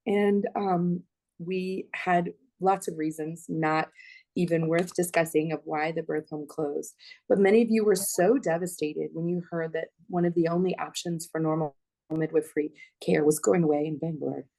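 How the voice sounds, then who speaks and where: A woman's voice: deep voice, steady tone, normal speed, dark tone. A woman midwife speaking at a parents' panel, heartfelt and a little teary as she talks. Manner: emotional, heartfelt, slightly teary. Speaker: midwife, clinical director. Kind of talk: panel discussion remarks.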